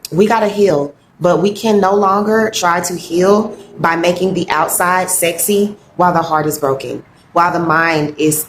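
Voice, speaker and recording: Earnest low-voiced woman in echoey room. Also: slight background noise. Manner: heartfelt, halting, reflective. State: fighting back tears. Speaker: wellness coach. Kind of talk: earnest motivational talk.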